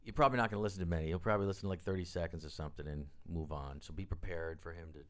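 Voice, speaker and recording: Low-voiced guy rambling thru a story, doing little voices for the people in it. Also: rapid-fire. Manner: rambling, animated, acts out quoted people. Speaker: guest, record producer and drummer. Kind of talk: anecdotal storytelling interview. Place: studio with live audience.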